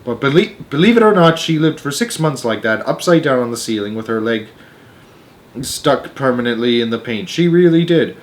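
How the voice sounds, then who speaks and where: A man's voice: mid-range voice, expressive, moderate pace, natural voice. A man voicing a prim, genteel female spider telling a story in a storybook read-aloud.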